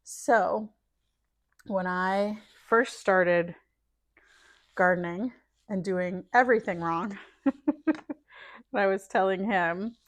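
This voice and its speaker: A woman's voice: medium pitch, slow pace, long pauses, dry recording, clean studio sound. A middle-aged woman chatting casually while planting seeds, thinking aloud and dropping to murmurs as she sorts packets. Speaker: gardening vlogger. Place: home, indoors.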